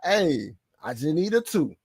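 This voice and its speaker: A man hosting a casual sports podcast, excitable and slangy, laughing often as he talks. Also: on the high side, measured pace, gravelly, husky, no echo, clean studio sound. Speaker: podcast host.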